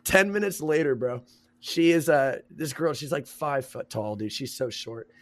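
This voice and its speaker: A man's voice: medium pitch, moderate pace. A young man hosting a podcast, telling a story in casual chat, rambling and full of slang, laughing often. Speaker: podcast host.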